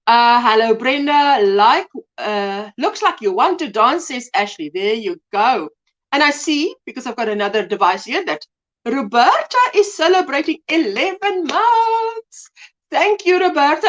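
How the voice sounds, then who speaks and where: A woman's voice: sits high, a bit bright. An older woman from South Africa hosting a casual livestream, reading out viewer comments and calling people sweetheart and darling. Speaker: livestream host. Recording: dull lo-fi livestream audio.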